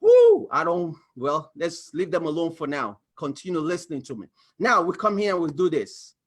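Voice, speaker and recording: A man with a high voice walks viewers through a money diagram shown on his screen. He talks in an animated way and slips into quick acted-out exchanges with a bank and a spouse. His tone is that of a coach pitching his advice. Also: breathy edge. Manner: animated, acts out little dialogues, exclaims. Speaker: financial coach. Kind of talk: screen-share explainer talk.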